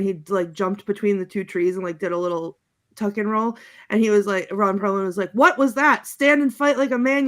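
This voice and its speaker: A woman on a panel chatting casually, laughing often and halting with many fillers. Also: mid-range voice. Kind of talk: casual chat, recounting movie quotes.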